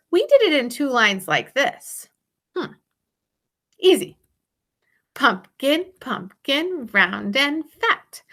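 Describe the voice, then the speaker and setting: A woman music teacher giving a recorded video lesson to young children, bright and sing-song, encouraging, with playful exaggerated wonder. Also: on the high side.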